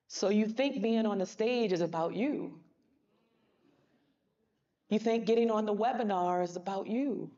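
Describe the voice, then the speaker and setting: A woman's voice: medium pitch, creaky, mellow, lo-fi sound. A woman giving a motivational speech on a conference stage, emphatic and colloquial, talking straight to the audience. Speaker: motivational speaker.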